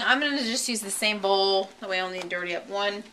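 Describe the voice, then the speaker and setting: This cooking show host's mid-range voice moves at a moderate pace against a noisy background. She demonstrates home cooking in her own kitchen, chatty and giggly, making jokes at her own expense.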